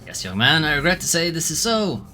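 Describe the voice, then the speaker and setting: A man's voice: on the high side, big pitch swings, fairly quick, bright, forceful tone, faint music behind, voice pushed up. A man voicing Ebenezer Scrooge, a miserly old man turned repentant, reading game dialogue in stiff, formal speech.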